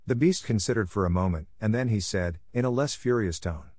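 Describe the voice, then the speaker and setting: A man narrating a classic fairy tale in a calm, even-paced audiobook reading. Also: lowish voice, brisk, few pauses, no echo, clean studio sound. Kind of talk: scripted storybook narration.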